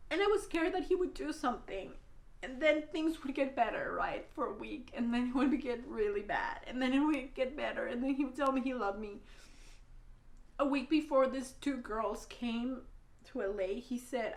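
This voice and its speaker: A woman's voice: on the high side, normal speed, creaky, echoey room. A woman telling an emotional storytime vlog, blunt and rambling, swearing a lot, a native Spanish speaker talking in English. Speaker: vlogger.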